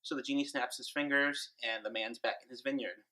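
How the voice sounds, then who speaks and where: Bright-voiced man telling a joke. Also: mid-range voice, steady tone, brisk, low-quality recording.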